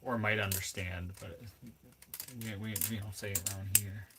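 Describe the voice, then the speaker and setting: A man's voice: fairly low pitch, flat delivery, normal speed, background noise. A man from Minnesota chatting casually on a livestream, rambling and joking as he reads chat aloud. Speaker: streamer.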